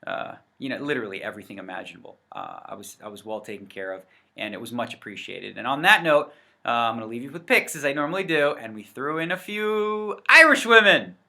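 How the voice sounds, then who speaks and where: A man's voice: lowish voice, fast, creaky, bright, forceful tone. A man giving a casual, rambling rant to camera on a vlog, full of fillers and self-corrections. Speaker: poker vlogger. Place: indoors in front of a set backdrop. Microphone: facing the camera.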